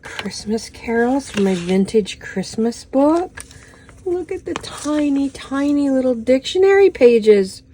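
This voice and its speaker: A woman's voice: high voice, sing-song, takes it slowly, mellow, a little hiss or hum, poor audio. A woman in her fifties chatting through an unboxing at home, gushing and exclamatory with lots of little "oh"s. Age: 50s. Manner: gushing, exclamatory, full of little "oh"s and "how fun"s. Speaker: crafting vlogger unboxing a haul. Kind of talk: casual unboxing chat.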